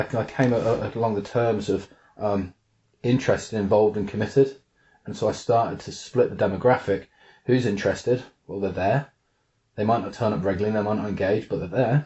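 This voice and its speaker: Dark-voiced male coach, lo-fi sound. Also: on the low side. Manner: thoughtful, repeats words as he thinks. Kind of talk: reflective interview answer. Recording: dull lo-fi sound.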